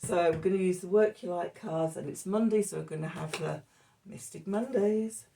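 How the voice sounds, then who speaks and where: A woman's voice: fairly low pitch, moderate pace, creaky, dark tone, far from the mic, slight background noise. A woman reading tarot and astrology in a loose, rambling way, stopping herself and using fillers, with a cough that keeps breaking in. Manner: rambling, self-interrupting, with fillers. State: coughing, hoarse. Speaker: tarot reader. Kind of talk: casual astrology and tarot talk.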